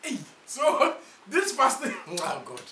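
A Ghanaian man acting a pastor husband in a comedy skit, exclaiming loudly and muttering quick prayers. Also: very high-pitched, wildly swooping pitch. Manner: loud exclaiming, switching to rapid muttered prayer. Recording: echoey room, distant mic, faint noise.

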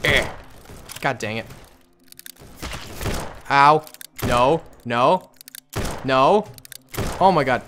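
A young man giving casual let's-play commentary as a gaming host, excitable and loud as he rallies troops. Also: medium pitch, drawn-out words, long pauses, a little hiss or hum. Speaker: gaming YouTuber. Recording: game music and gunfire behind.

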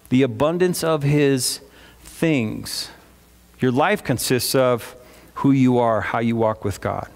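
A man's voice: medium pitch, takes it slowly, creaky. A man pastor preaching a sermon in a church, in a conversational manner, asking the congregation questions. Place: church sanctuary. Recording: long reverb of a church hall.

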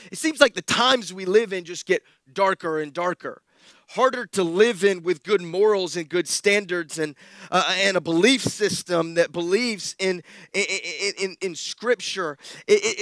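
A man preaches in a high, bright, ringing voice. He tells stories with self-deprecating humor and swings between quiet asides and loud bursts. The sound is dry and close. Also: no echo. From South Alabama. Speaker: pastor. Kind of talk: sermon with a personal story.

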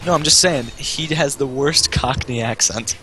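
A man co-hosting a comedy show, giving dry, unhurried replies in casual banter. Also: mid-range voice, pushed and bright, rough recording.

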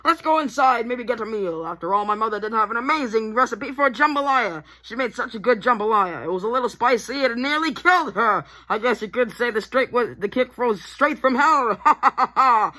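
A man's voice: extremely high pitch, animated, a little fast, hardly any pauses, bright, forceful tone, exaggerated voice. A man voicing a sinister, overly polite demon with a theatrical old-timey delivery. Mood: smug.

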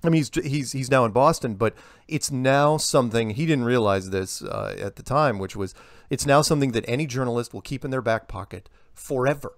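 A man's voice: mid-range voice, fairly quick, no room sound, clean studio sound. A man in a casual interview, telling long rambling stories and acting out what people said. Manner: rambling, animated storyteller acting out quotes. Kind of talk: casual phone interview storytelling.

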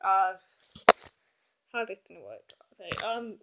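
A woman's voice: mid-range voice, very animated, measured pace, very noisy. A teenage girl rambling through a doll review in her bedroom, hyper and giggly, filming one-handed on a handheld camera. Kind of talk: casual rambling vlog.

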